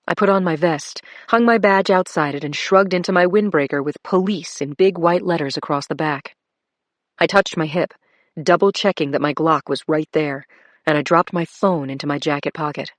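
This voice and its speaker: A woman narrating a crime thriller audiobook in first person, steady and measured. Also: low-pitched, dry recording.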